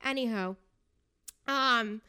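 A woman's voice: on the high side, slow pace, sharp tone, smooth. A young woman hosting her own podcast, chatting casually in a sarcastic, tongue-in-cheek way. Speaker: podcast host. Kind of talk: casual solo podcast chat.

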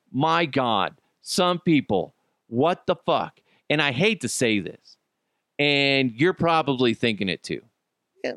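Colorado guy ranting on his podcast, lively up-and-down voice, swears a lot, dry close sound. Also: on the high side, dry recording. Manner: profane, sarcastic, laughs at his own jokes. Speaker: podcast host. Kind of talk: casual ranting commentary.

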